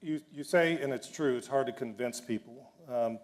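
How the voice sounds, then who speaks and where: A man's voice: medium pitch, normal speed. Man interviewing on stage, fumbling for words. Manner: searching for words, restarts. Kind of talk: onstage interview at a dinner event. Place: hotel banquet room.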